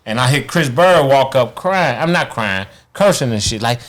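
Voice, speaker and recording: A man's voice: medium pitch, moderate pace, few pauses. A man, a guest telling a long story in casual, profane talk, acting out what others said. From Chicago, USA. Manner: animated, profane, acts out quotes in others' voices. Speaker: guest, former boxing champion.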